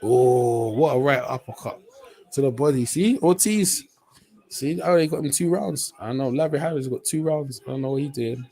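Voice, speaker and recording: A man's voice: medium pitch, brisk, vocal fry. A man giving casual, slang-heavy live commentary on a boxing match as a stream host. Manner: slangy, chatty, rising to excited shouts on big punches.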